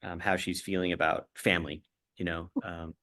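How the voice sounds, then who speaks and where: A man hosting a livestream interview with cast members, talking haltingly with many fillers and restarts. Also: sits low, little pitch movement, sharp tone.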